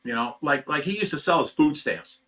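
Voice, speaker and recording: A man's voice: on the high side, lively intonation, brisk, a bit bright. A middle-aged man from Ohio who runs a fish rescue, venting at home in a casual, agitated monologue, stumbling over repeated words. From Ohio, USA.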